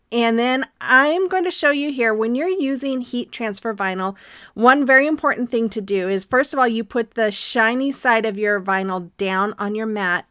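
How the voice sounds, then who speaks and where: A woman's voice: mid-range voice, pushed and bright, no echo, clean studio sound. A woman hosting a craft tutorial, talking casually with frequent ums as she explains each step. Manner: chatty, friendly, frequent ums. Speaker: craft channel host.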